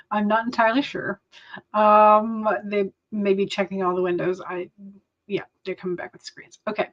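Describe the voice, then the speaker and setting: A young woman hosts a writing sprint livestream, chatting casually to live viewers with plenty of fillers and small laughs. Her mid-range voice has a flat delivery and a measured pace, and the recording sounds dull and lo-fi.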